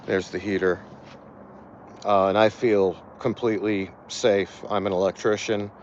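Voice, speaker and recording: A weary man with a low voice talks slowly and haltingly through a casual livestream, stumbling over his words and leaning on fillers. He is outdoors by a cat shelter. The phone audio is dull and lo-fi, with faint noise behind him. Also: flat delivery. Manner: halting, many fillers and restarts. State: tired. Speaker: animal rescue volunteer.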